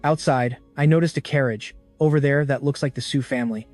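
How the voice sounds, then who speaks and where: A man narrating a dramatic story in an even storytelling delivery. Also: mid-range voice, a little fast, no echo, soft background music.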